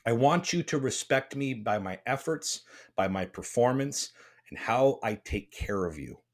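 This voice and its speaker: A man's voice: mid-range voice, animated, a little slow. A man hosting a podcast, talking bluntly and passionately, rambling with restarts. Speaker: podcast host. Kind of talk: casual podcast chat.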